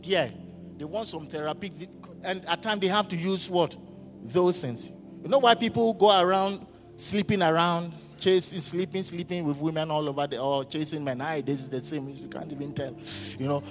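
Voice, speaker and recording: A pastor delivers his sermon in a church hall with a fairly high, steady voice at a moderate pace. He keeps asking the congregation questions and giving them time to answer, and the audio has hall reverb with faint music.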